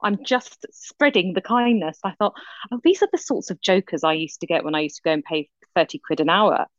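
A woman in middle age, talking in a lower register as she spins an animated anecdote, acting out the people she quotes. The sound is dry and a little dull, as if from a close studio mic. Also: fast talker, no room sound. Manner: animated storytelling with lively quoted voices. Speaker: podcast co-host. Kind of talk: casual chat.

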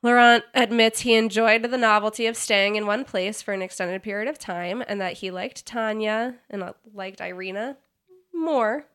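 A woman's voice: mid-range voice, moderate pace, fairly bright tone, smooth. A woman podcast host giving a giggly, sarcastic recap of a book chapter in casual chat.

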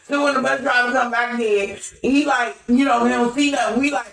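A woman co-hosting a casual chat show, telling a story in a lively way and acting out the people in it. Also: fairly high pitch, brisk, creaky, far from the mic. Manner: animated storytelling, acts out voices. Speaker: podcast co-host. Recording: roomy echo, from off-mic.

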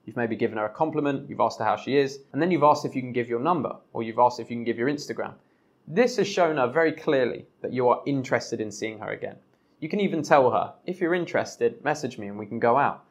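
A young man hosting a podcast, giving blunt dating advice in a coaching tone, with some swearing. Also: medium pitch. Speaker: podcast host.

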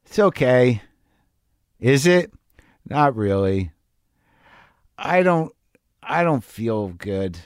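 A man's voice: medium pitch, big pitch swings, extremely slow, long pauses, clear, resonant tone, dry recording, clean studio sound, pitched below the performer's own voice. A man voicing a sad seven-year-old boy who speaks small and mournful.

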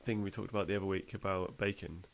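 A man's voice: low voice, fast talker, creaky. A man co-hosting a podcast, chatting casually and laughing often. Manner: laughs often, animated and playful. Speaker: podcast co-host. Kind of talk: casual chat.

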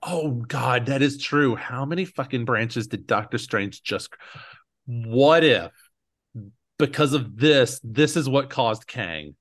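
A man's voice: medium pitch, takes it slowly. A man co-hosting a podcast, chatting casually and playfully about films, often acting out characters' lines. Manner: animated, playful, acts out movie lines in character voices. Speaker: podcast co-host. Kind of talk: casual chat.

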